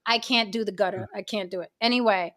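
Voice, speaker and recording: A woman's voice: mid-range voice, quick pace, fairly bright tone. A woman hosting a casual livestream chat, blunt and swearing freely. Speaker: host.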